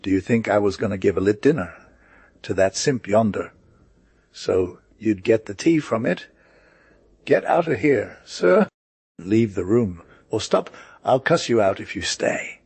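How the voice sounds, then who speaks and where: A man's voice: lowish voice, lively intonation, moderate pace, darkish tone, breathy edge, dry recording. A man voicing a rude, greedy male gambler who demands his share. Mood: angry. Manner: blustering, demanding.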